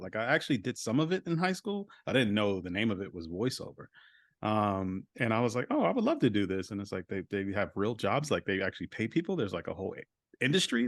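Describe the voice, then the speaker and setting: A man with a lowish voice talks about his work as a voice actor over a video call. He is reflective and leans on filler words as he thinks aloud. The sound is dry and close. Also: no echo. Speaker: voice actor guest. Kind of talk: casual interview talk.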